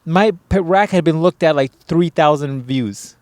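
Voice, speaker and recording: A man's voice: a little high, measured pace, darkish tone, dry recording. A man co-hosting a casual podcast, ranting with lots of swearing and mocking people in put-on voices. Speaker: podcast co-host. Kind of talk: crude casual chat.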